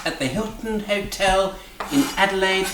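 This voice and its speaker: A man's voice: high voice, moderate pace, crowd noise. A man co-hosting a cooking show in a mock-posh, teasing manner, calling his partner dear. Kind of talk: camp comic cooking demonstration. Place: home kitchen. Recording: echoey kitchen with clattering cutlery. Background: cutlery and dish clatter.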